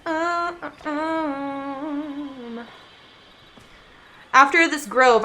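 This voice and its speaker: A woman's voice: high voice, slow, long pauses, pushed and bright, a little hiss or hum. A woman streaming a game, chatting casually with viewers, giggly and chatty, who coos baby talk at her cat. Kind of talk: casual gaming livestream chat.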